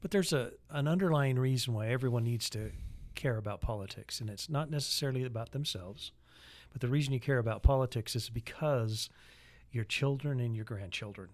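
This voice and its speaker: A man's voice: medium pitch, a little fast. A man co-hosting a political podcast in casual chat, speaking in an earnest, opinionated way. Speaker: podcast co-host.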